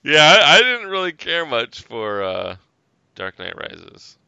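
A man's voice: on the high side, very animated, slow, gravelly, sharp tone, smooth, no room sound. A man hosting a casual chat, with wry, laughing interjections.

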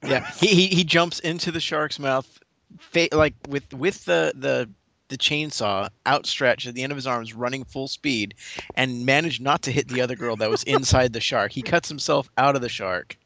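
Young man talking in halting restarts. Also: mid-range voice, vocal fry, sharp tone, no room sound. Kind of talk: casual movie chat.

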